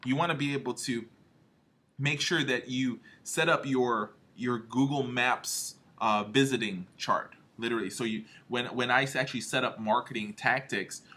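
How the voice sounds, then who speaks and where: A man's voice: mid-range voice, steady tone, normal speed, pushed and bright. A man leading a motivational marketing training talk in an emphatic way, often checking in with "all right?" and "okay?". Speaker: home health marketing trainer.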